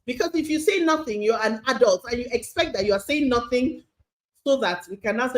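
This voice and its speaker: A woman's voice: fairly high pitch, expressive, fairly quick. Emphatic woman teaching parents. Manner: emphatic, repeats key points, asks rhetorical questions. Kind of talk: spontaneous lecture to parents.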